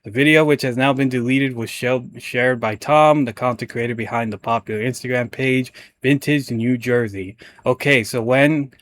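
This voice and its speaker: Casting: young male commentary host, chatty and rambling, stumbles over words, mid-pitched voice. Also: moderate pace, few pauses, a bit bright. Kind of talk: casual reaction commentary.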